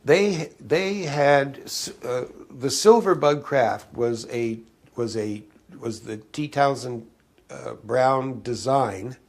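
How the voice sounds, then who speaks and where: A man's voice: medium pitch, vocal fry. A man of seventy, an interview guest, recalling old secrets in a rambling way, with frequent restarts and fillers. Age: 70s. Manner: halting, many restarts and fillers, conspiratorial tone.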